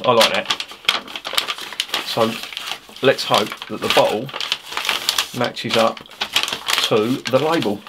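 Man, lowish voice, casual rambling, blunt, swears freely. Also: background noise. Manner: blunt, swears freely, chatty and self-mocking. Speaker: beer reviewer. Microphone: his original microphone, not a clip-on.

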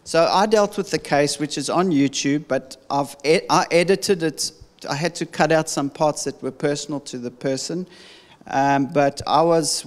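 Male minister, slightly high voice, lively storyteller, heard in a reverberant space. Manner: animated storytelling with many restarts. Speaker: deliverance minister. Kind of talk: conversational teaching.

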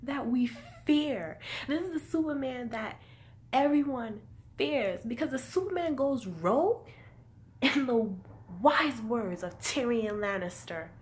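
Excitable, swearing woman reviewing a film. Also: high voice, a little slow. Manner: excitable, profane, exclaims and acts out scenes. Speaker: movie reviewer. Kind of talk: casual spoken review.

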